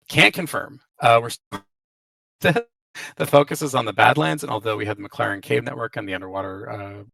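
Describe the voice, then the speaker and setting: Man, gravelly voice, hedging casual Q&A talk, distant from the mic, robotic glitchy voice chat audio. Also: lowish voice, bright, forceful tone, no room sound. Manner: hedging, many restarts and fillers. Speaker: game developer hosting a Q&A. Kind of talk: casual live Q&A, reading out and answering questions. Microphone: voice chat call.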